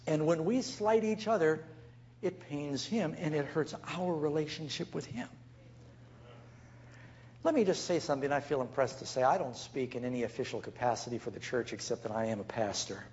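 A man's voice: fairly high pitch, normal speed, a little mellow, muffled recording, slight background noise. A man preaching as a pastor, telling stories and acting out the people he quotes. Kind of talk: sermon.

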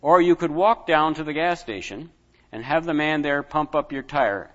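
A man's voice: a little high, animated, moderate pace, a bit bright. A man voicing a stern, weary father who answers curtly. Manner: stern, curt. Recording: dull lo-fi with long reverb.

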